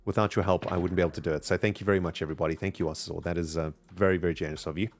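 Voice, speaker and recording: A man's voice: low voice, steady tone, racing, faint music behind. A man chatting casually while streaming a video game, upbeat and thanking his viewers as he plays. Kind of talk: casual live-stream commentary.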